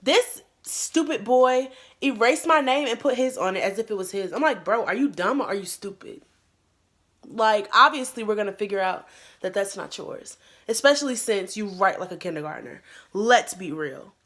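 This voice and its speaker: A young woman vlogger telling a story in casual, slangy chat, animated and acting out her own quotes. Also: mid-range voice, moderate pace. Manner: animated, acts out quotes in a louder voice; slangy, lots of "like" and "bro". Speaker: YouTuber.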